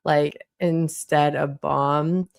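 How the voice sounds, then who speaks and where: A woman's voice: low-pitched, fairly even intonation, very slow, vocal fry, clear, resonant tone. A woman in her thirties with a Boston accent, hosting a casual livestream and chatting with viewers as she reads the chat. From Boston area, US. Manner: chatty, reads chat aloud, frequent restarts. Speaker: livestream host.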